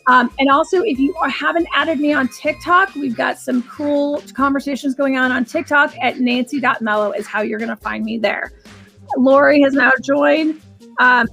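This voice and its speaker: Casting: high-voiced woman with a husky edge, chatty psychic host rambling on a live stream. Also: fairly bright tone. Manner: chatty, rambling, restarts sentences. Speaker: psychic and animal communicator host. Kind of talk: live-stream reading session.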